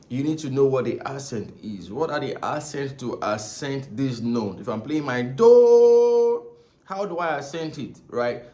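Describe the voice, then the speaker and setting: A man giving a casual spoken saxophone lesson, rambling and repeating himself, often checking in with "right?" and "okay?". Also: mid-range voice. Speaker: saxophone teacher. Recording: echoey room with faint ambient noise.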